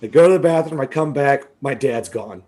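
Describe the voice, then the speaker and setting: Male podcast co-host, mellow and warm in tone, tells stories loosely with lots of swearing and laughter. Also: mid-range voice. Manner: animated, swearing, laughs often, quotes people in quick asides. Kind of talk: casual storytelling chat.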